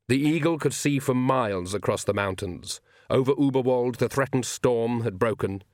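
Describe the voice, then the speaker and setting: A man narrating an audiobook in steady, even storytelling. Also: mid-range voice, no echo, clean studio sound.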